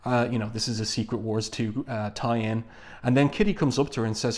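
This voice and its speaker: A man's voice: mid-range voice, fairly even intonation, a little fast. Man casually reviewing a comic book. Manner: conversational, many fillers, reads quoted lines plainly. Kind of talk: casual reading and commentary.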